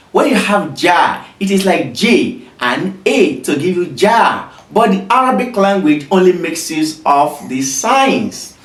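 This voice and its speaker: An Arabic teacher patiently takes beginners through letter sounds, going slowly and repeating each sound many times. The medium-pitched voice rises and falls lively, heard from some distance from the mic in an echoey room.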